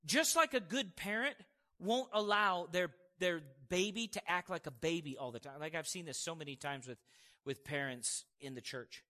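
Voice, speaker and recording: Male preacher, high voice, emphatic conversational sermon, long hall reverb. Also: moderate pace, pushed and bright.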